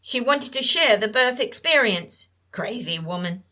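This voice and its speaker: A woman puts on a frail older woman for this audiobook, nasal and evasive. Her tone is bright and keen, and she speaks in halting bits, trailing off as if talking to herself. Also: a little high, expressive. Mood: bitter. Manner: halting, drifting, talks to herself. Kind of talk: audiobook character reading.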